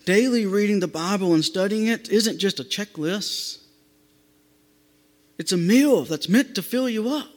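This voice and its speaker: A male pastor with a strikingly high voice preaches an emphatic sermon, animated yet unhurried, repeating phrases to hammer them home. A long reverb fills the sound, like a church sanctuary.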